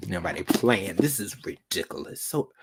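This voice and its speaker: A man's voice: low voice, expressive, background noise. Sassy, dramatic man ranting to viewers. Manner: sassy and dramatic, drawn-out emphasis. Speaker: vlogger. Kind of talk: casual commentary to viewers.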